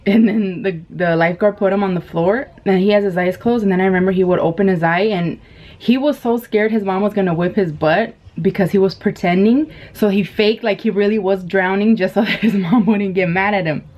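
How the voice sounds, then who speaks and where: A woman's voice: mid-range voice, a little fast. Chatty woman vlogger eating on camera. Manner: chatty, laughs often, many fillers. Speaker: mukbang vlogger. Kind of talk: casual storytelling while eating. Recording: dull lo-fi camera audio with faint noise.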